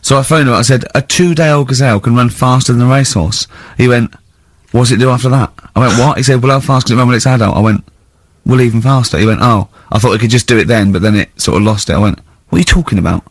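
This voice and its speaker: A man with an English accent hosting a comedy radio show, telling stories excitably and laughing often. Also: mid-range voice, fast, few pauses, no echo.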